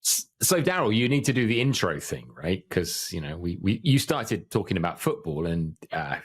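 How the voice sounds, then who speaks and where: A man's voice: low-pitched, sing-song, normal speed, husky. A man co-hosting a casual tech podcast, joking and laughing often. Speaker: podcast co-host.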